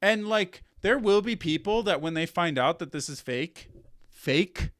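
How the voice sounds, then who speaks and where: Animated, rambling higher-voiced man. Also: a little slow. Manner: animated, rambling, repeats himself. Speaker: content creator. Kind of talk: casual commentary rant.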